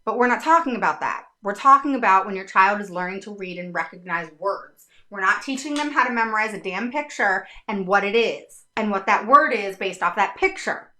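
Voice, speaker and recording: A middle-aged woman explaining reading instruction to parents in a casual, animated talk, often checking in with "all right?". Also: medium pitch, fairly quick, hardly any pauses. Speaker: special education advocate.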